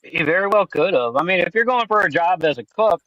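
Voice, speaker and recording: A man's voice: high voice, expressive, a little fast, sharp tone, dry recording. A man co-hosting a stream, chatting casually and thinking aloud. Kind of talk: casual chat. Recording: dry, dull lo-fi audio.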